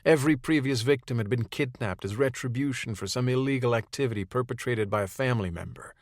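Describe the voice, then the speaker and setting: A male narrator reads a third-person audiobook chapter, steady and matter-of-fact. His pitch is ordinary for a man. The recording is dry and close, with no room sound. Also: quick pace, dry recording.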